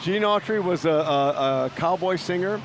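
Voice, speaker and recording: A man co-hosts live night parade coverage, his voice fairly high. He talks casually and repeats words while he searches for them. Loud crowd noise surrounds him outdoors. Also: normal speed. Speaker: TV parade co-host. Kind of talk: live broadcast commentary. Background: noisy crowd.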